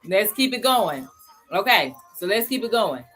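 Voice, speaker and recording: A woman's voice: medium pitch, sing-song, normal speed, a bit bright, slightly rough, soft background music. Woman hosting a livestream lesson, chatty, says hi to viewers, repeats stuff and checks everyone's following. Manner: chatty, greets viewers by name between points; repeats key points and checks understanding. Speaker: crypto educator hosting a livestream. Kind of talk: casual livestream teaching.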